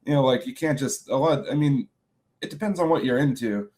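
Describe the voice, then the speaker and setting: A young man co-hosting a casual podcast, telling offbeat stories in a deadpan, dry-humored way. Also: medium pitch, brisk. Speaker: podcast co-host. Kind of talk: casual chat.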